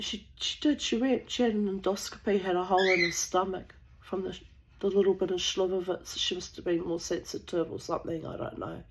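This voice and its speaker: A woman's voice: fairly low pitch, fairly even intonation, fairly quick, background noise. A woman from New Zealand telling a casual, rambling anecdote, blunt and sweary, with the odd cough.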